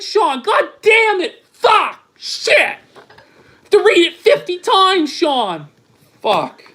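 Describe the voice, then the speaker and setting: A shrill, high-pitched man screams and swears in frantic exasperation, as a commentator puts him on. The voice sits far above a normal speaking range and sounds strained, shouting each complaint over again. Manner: yells and swears, repeats "Sean" in outrage. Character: frantic shrieking man, exasperated, yelling at Sean.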